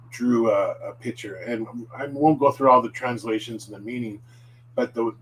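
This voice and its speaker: A man of middle pitch talks through a casual lesson, patient and conversational. He drills words slowly so listeners can repeat them, slipping in fillers and corrections. A faint hum sits under the recording. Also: poor audio. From United States. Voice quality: relaxed, chatty with fillers and self-corrections. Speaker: language teacher.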